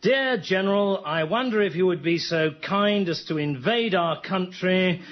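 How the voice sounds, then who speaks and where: A man's voice: sits high, unhurried. A man playing a pompous, self-important upper-class British general in a comedy sketch. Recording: muffled broadcast recording.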